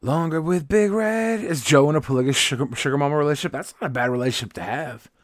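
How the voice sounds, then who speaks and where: His medium-pitched voice stays steady in tone even as he races along, recorded cleanly in the studio with no echo. Tired and grumpy, the man rambles through a casual livestream chat, cursing and cracking self-mocking jokes.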